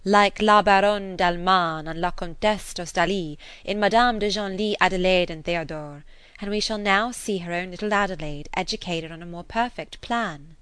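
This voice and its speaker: A witty young lady teases with a light, lively touch, as a reader gives her voice. Her pitch sits on the low side, and the recording is dry and close. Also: normal speed, smooth, dry recording, close to an everyday voice. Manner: teasing, lively. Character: playful witty young woman. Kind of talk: audiobook character reading.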